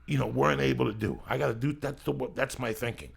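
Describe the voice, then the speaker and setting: A man from New with a thick, gravelly voice full of fry, hosting a loose podcast chat. He rambles through profane stories. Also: medium pitch, fast. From New Jersey. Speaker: podcast host.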